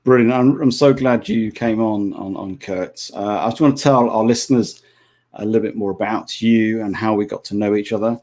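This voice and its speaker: A man hosts a podcast interview, and his speech is full of hesitant fillers and false starts. His voice sits slightly low for a man. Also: steady tone, moderate pace, a little mellow. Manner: hesitant, many fillers and restarts. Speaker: podcast host.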